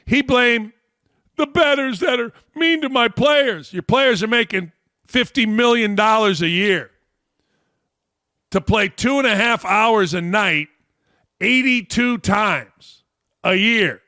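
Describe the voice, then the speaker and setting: A middle-aged American man hosting a sports talk show, ranting bluntly and profanely with sudden shouted outbursts. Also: high voice, takes it slowly, no room sound, studio quality. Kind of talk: opinionated sports rant.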